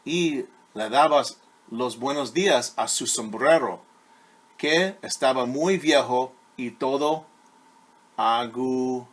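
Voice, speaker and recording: A male teacher reading a children's story aloud, speaking patiently to young listeners. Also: mid-range voice. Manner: slow, patient, addresses children directly.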